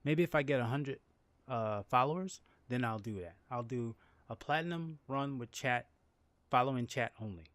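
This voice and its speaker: A man's voice: medium pitch, normal speed, no echo. Rambling man. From New Orleans, Louisiana. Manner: rambling, repeats and restarts words; animated storytelling with laughs. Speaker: game streamer. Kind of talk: casual livestream chat.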